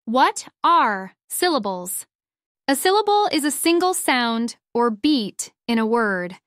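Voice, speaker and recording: A middle-aged woman, a first-grade teacher, gives a phonics lesson for young children and sounds out words slowly and clearly. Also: on the high side, very animated, a little hiss or hum.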